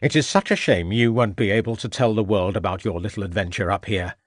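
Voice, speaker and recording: Casting: a man playing a gloating, murderous Victorian gentleman villain, low sneering voice, dry close sound. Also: a little fast, no room sound, natural voice. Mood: menacing.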